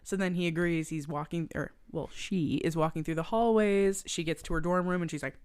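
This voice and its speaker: Speaking briskly in a lowish, clear, resonant voice, a young female podcast co-host recaps a film conversationally. She curses often, stays animated, and performs quotes from the characters.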